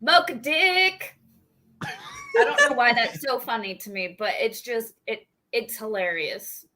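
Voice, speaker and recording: A woman on a livestream panel with a fairly high, very lively voice that swoops as she talks. She chats expressively, often sounding incredulous. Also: a little slow, a little hiss or hum. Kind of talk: casual livestream chat.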